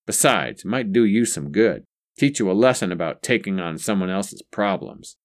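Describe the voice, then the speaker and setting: A man doing a gruff old chain-smoking father. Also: low voice, animated, moderate pace. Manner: blunt, dismissive, clipped.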